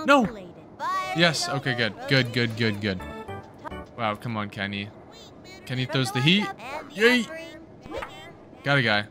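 A young man hosting a gaming video, giving excited let's-play commentary and cheering his team on with slangy outbursts. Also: mid-range voice, unhurried, long pauses, music in the background. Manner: hyped, yelling at the game, slangy.

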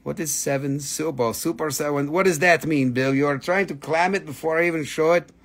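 High-voiced joking man selling crystals live. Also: a little fast. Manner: joking, playful, breaks into silly voices. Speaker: live-stream crystal seller. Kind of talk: casual live sales stream.

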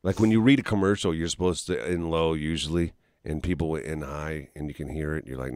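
A man's voice: a bass voice, brisk, a little mellow, no echo. A man hosting a radio morning show in a studio, chatting playfully and animatedly with his co-host. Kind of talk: casual on-air banter.

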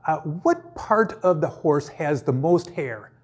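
A man's voice: on the high side, lively intonation, takes it slowly, background noise. A man teaching a playful math lesson, cracking jokes and breaking into sing-song bits between steps. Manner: goofy, jokey, sings and puts on silly voices.

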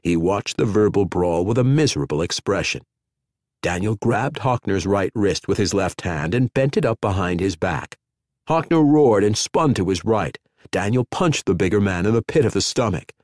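A man narrating an audiobook in an expressive storytelling manner. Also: lowish voice, no echo, studio quality. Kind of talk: scripted narration.

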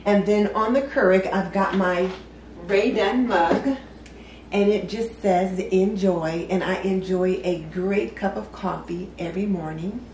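A woman's voice: mid-range voice, a little slow, a little mellow, a little hiss or hum. Chatty woman in an echoey kitchen. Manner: chatty, upbeat and homey. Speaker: home decor vlogger. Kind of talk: casual show-and-tell tour. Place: home kitchen. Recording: roomy echo, a little far from the mic.

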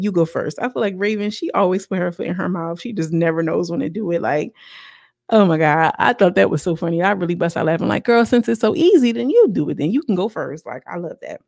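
A woman casually recapping a reality show episode in a chatty, slangy way, with lively quoted voices. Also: fairly low pitch, gravelly, no room sound, studio quality.

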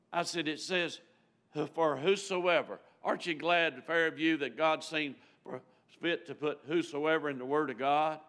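A man preaching a storytelling sermon in a church, folksy and emotional, rising loud and dropping to a near-hush. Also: fairly high pitch, unhurried. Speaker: guest preacher. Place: church sanctuary.

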